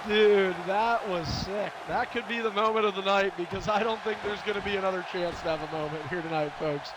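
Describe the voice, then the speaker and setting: A man doing excitable live play-by-play commentary of a video game wrestling match, shouting at big moves and joking between calls. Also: high voice, brisk, noisy background.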